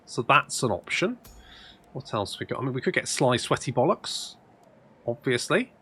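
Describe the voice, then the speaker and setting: A man's voice: medium pitch, sing-song, fairly quick, pushed and bright, husky. A man commentating on his own strategy game play, rambling, swearing and thinking aloud. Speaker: let's play host. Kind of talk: gameplay commentary.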